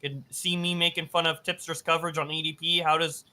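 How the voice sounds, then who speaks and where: A man's voice: fairly high pitch, fast, a little hiss or hum. A man who runs a YouTube channel, in casual podcast chat, telling crude stories with lots of energy. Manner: crude, animated storytelling.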